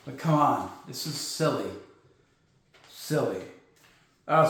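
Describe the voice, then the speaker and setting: A man hosting a sports podcast, talking casually in an animated, sarcastic, joking way. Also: fairly high pitch. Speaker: podcast host. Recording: very echoey room.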